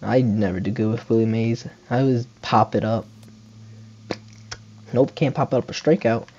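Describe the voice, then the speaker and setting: A young man giving casual play-by-play commentary on a baseball video game, muttering calls between sudden excited shouts. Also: mid-range voice, moderate pace, highs cut off, a little hiss or hum. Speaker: gaming channel host.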